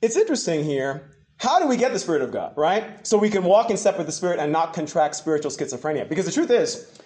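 A man preaching a sermon, asking questions back to his congregation in an animated way. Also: high voice, fast talker. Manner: animated, call-and-response with the congregation. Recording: echoey room.

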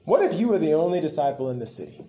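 A man's voice: fairly high pitch, very fast. A man preaching a sermon with passion, repeating himself for emphasis and telling stories. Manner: impassioned, repetitive, animated storytelling. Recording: echoey room.

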